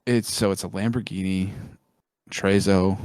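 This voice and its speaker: A man's voice: low voice, moderate pace, creaky, no room sound. A man co-hosting a podcast, chatting casually and enthusiastically about cars, swearing freely as he rambles. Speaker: podcast co-host. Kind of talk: casual chat.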